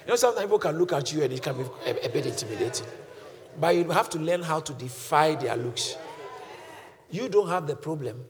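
High-voiced preacher man in an echoing church. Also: lively intonation, a little fast, a crowd in the background. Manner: swings from quiet scripture reading to shouted preaching. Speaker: pastor. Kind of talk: sermon.

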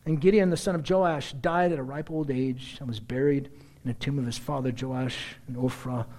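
A middle-aged male pastor preaching a sermon, telling stories in a lively, conversational way and often clearing his throat. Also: medium pitch, moderate pace. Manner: animated storyteller, conversational asides, frequent throat-clearing.

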